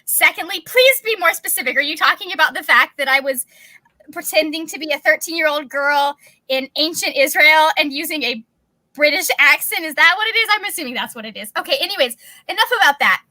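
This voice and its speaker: Woman, livestream host, casual chat, chatty, high pitch, dry close sound. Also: lively intonation, a little fast, pushed and bright, no echo. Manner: chatty, laughs often.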